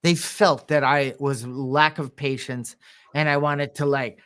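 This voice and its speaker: A man's voice: medium pitch, steady tone, measured pace, fairly bright tone. Rambling, chuckling man podcast co-host. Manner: rambling anecdotes, chuckles, frequent throat clearing. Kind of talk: casual podcast conversation.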